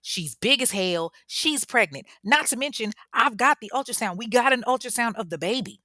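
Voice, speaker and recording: A woman's voice: a little high, expressive, normal speed, no room sound, clean studio sound, pitched above the performer's own voice. A woman voicing a fiery, protective middle-aged mother who challenges a doctor. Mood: indignant. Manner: indignant, forceful.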